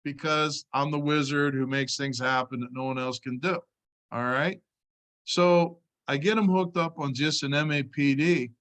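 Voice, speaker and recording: A man's voice: on the high side, steady tone, normal speed, a bit bright. Man telling a sales story, casual and punchy. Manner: storytelling, says "all right" often. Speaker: insurance sales trainer. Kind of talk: casual training talk.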